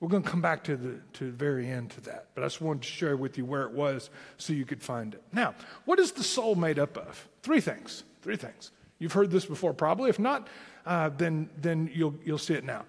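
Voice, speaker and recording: A man's voice: on the high side, lively intonation, brisk, husky, in a large hall. A man with a Southern Tennessee accent preaching a sermon as pastor, with emphatic rising lines.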